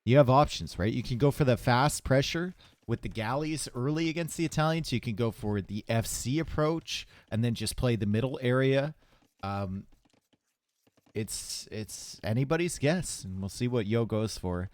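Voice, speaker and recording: A man's voice: medium pitch, animated, moderate pace, a little mellow, dry recording. Man casually calling a strategy game. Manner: casual, chatty, talks to chat between plays. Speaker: tournament caster. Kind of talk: live esports commentary.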